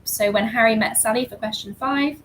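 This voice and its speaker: A woman co-hosting an online charity quiz, reading answers briskly and lightly. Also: a little high, fairly bright tone, slight background noise, rough recording. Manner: brisk, light, laughs easily. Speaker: quiz co-host.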